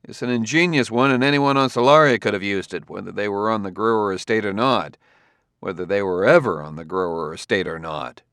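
A man's voice: fairly low pitch, fairly even intonation, a little fast, few pauses, fairly bright tone, clean tone, no echo, clean studio sound. A man as a stern, tired detective. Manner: stern, reasoning and terse. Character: stern, tired middle-aged male detective. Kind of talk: audiobook character voice.

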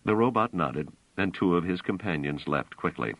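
A man narrating an audiobook in a measured, expressive way, in a dry, dull recording. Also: low voice, no echo.

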